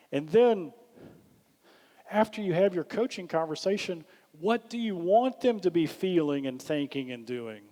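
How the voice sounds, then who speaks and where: In a leadership workshop, a man coaches his audience in an animated way, often raising his voice to act out the questions he recommends. His voice is a little high for a man, and the large hall gives it a long reverb.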